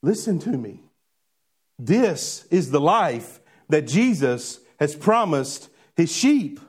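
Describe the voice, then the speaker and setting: A man preaching a sermon to a church congregation, animated and questioning, drawing responses from the crowd. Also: a little high, takes it slowly, breathy edge. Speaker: pastor. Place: church before a live congregation.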